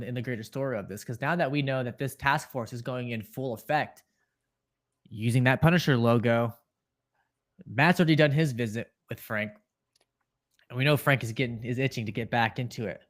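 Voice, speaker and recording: Rambling excited man on a podcast. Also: mid-range voice. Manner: rambling, excited, lots of fillers and coughs. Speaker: podcast co-host. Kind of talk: casual reaction discussion.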